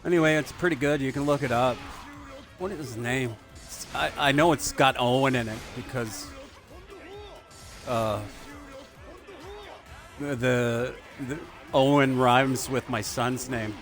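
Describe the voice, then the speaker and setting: A man's voice: mid-range voice, fairly even intonation, a little slow, pauses often, fairly bright tone, soft background music. A man giving rambling, crude, digressive commentary while he plays a video game. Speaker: gaming video host. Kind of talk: rambling let's play commentary.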